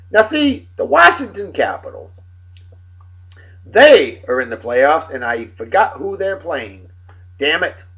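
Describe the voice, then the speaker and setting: Lively, boisterous man. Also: fairly high pitch, breathy edge. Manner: boisterous, swearing banter. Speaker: vlog host. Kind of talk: casual shout-outs to friends. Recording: dull lo-fi recording.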